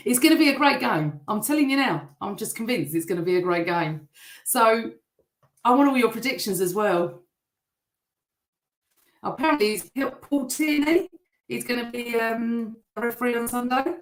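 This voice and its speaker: A woman's voice: on the high side, animated, moderate pace. Chatty woman hosting a fan stream. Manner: chatty, warm toward viewers, teasing. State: voice still rough from shouting. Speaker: host. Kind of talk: live-stream fan chat, reading viewer comments. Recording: echoey room.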